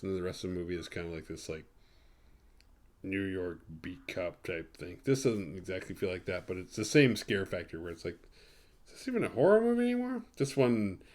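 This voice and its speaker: A man's voice: sits low, a little mellow. A man hosting a horror movie podcast, giving a casual, rambling, profane recap full of sarcastic asides.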